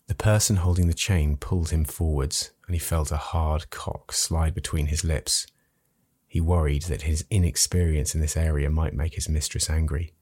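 Deep husky guy reading an erotic story, slow and hushed, very dry mic. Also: no echo. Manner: slow, measured, hushed delivery. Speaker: narrator.

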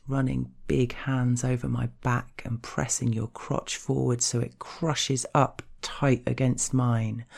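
A woman reads a scripted erotic story aloud in the first person. Her delivery is unhurried and level, held to a narrow pitch range. She keeps a measured, intimate manner throughout. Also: creaky, warm tone. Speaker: narrator.

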